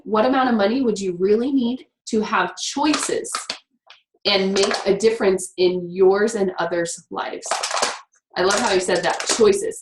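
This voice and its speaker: Upbeat woman teaching a class. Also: mid-range voice. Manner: upbeat, chatty, quick with many "like" fillers. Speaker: workshop teacher. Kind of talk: guiding a class through writing prompts. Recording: echoey room with faint noise.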